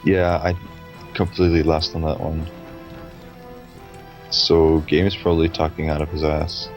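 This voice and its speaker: A man's voice: a bass voice, level tone, a little slow, faint music behind. A young man casually commentating a video game match with teasing, profane banter. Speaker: esports commentator.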